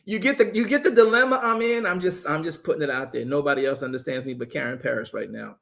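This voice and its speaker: A man with a fairly high, creaky voice talks fast as he leads a casual Bible study as its apostle. He jokes with the group and addresses them directly in an animated way, often repeating and restarting his phrases.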